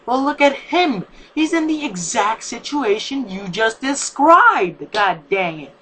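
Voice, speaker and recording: A defiant young plant girl shouts her protests high and urgently, as a reader puts her on. The tone is bright and sharp, with a faint hiss behind. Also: slow. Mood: pleading.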